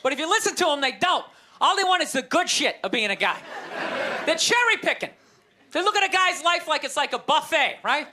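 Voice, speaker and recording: A man doing stand-up comedy before a live audience, ranting loudly and swearing, exasperated. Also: very high voice, very animated, fairly quick. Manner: loud, exasperated ranting with profanity. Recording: live show with crowd noise. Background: audience laughter and applause.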